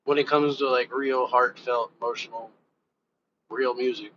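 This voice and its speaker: A mid-range, slightly bright male voice with a steady tone and moderate pace belongs to a reaction channel host and rapper on a casual live stream. He talks loosely and directly to viewers, cursing in passing as he rambles. Audio is dull and lo-fi, with faint background noise.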